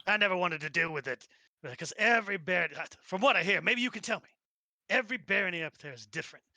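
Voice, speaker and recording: A man's voice: high voice, expressive, fast, pushed and bright, dry recording, heavily acted. A man voicing a gossipy dockside trader with a put-on Brooklyn accent. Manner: chatty, laughing often.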